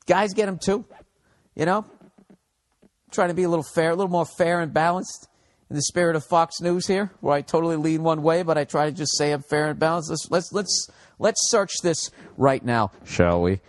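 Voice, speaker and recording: A man's voice: fairly high pitch, moderate pace, no echo, clean studio sound. A man in his forties with a Boston accent, hosting a podcast and delivering a profane, sarcastic solo rant. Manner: profane, sarcastic ranting with frequent asides. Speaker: podcast host.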